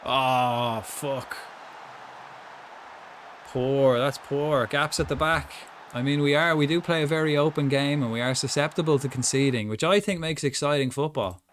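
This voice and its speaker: A man's voice: mid-range voice, normal speed, slight background noise. Chatty man commentating his game. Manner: chatty, rambling, mutters asides. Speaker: gaming streamer. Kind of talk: casual gameplay commentary.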